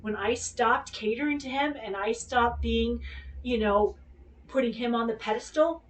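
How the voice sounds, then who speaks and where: A woman's voice: a little high, moderate pace, recorded from a distance. A woman hosting a podcast who tells a personal story in casual chat, rambling and candid, swearing freely and acting out what people said. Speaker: podcast host.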